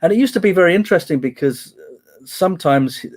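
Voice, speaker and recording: A man's voice: sits high, expressive, brisk. A man reminiscing in a casual chat on a video call, telling stories with many restarts. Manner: chatty storyteller, many restarts, quotes others. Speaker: guest musician.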